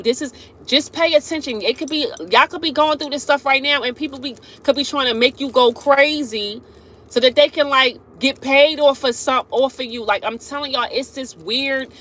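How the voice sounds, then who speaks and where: During a casual live stream, a woman with a high, bright voice chats with her viewers at normal speed. She laughs a lot and keeps addressing them directly.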